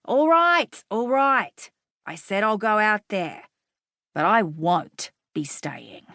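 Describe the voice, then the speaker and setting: A woman's voice: medium pitch, animated, slow, pushed and bright, no room sound, studio quality, heavily acted. A woman voicing a cross grown man who grumbles and resists going home, in an audiobook reading. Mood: grudging. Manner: grumbling, reluctant.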